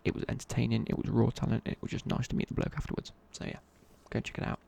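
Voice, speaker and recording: Young guy, whispered ASMR chat, raspy breathy whisper, loose and chatty. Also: mid-range voice, little pitch movement, very fast, dark tone. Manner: rambling, casual, many fillers and restarts. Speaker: ASMR creator.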